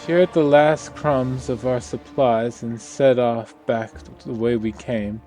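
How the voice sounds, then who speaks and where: A man's voice: mid-range voice, steady tone, slow pace, darkish tone, soft background music, natural voice. A man reading the lines of a weary woman survivor in a game, telling a grim story in a subdued, somber way. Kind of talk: reading game dialogue aloud.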